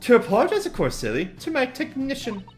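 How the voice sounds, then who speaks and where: A woman's voice: on the high side, huge pitch swings, quick pace, faint music behind, pitched above the performer's own voice. A woman voicing a cheerful young British girl inventor with a prim, scolding manner. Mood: bubbly prim.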